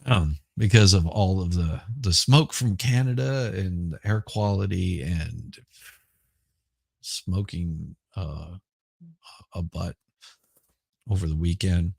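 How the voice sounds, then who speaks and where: A middle-aged man with a Southern accent, hoarse right now, chatting casually and rambling on a livestream. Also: sits low, a little mellow, no room sound. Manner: rambling, halting, repeats words. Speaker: livestream host. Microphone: headphones with mic.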